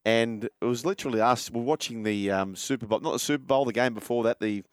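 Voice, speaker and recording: A chatty man hosts a radio show, telling anecdotes in a mid-pitched voice. The sound is dry and close. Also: fast talker, clear, resonant tone, dry recording. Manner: chatty, anecdotal, footy talk. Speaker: radio host. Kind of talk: casual radio chat.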